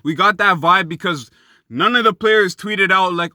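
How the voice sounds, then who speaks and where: A man's voice: high-pitched, animated, moderate pace, bright, forceful tone, no room sound, clean studio sound. A young man giving a heated, profane sports rant, talking to his viewers as guys and bro. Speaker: sports commentary YouTuber.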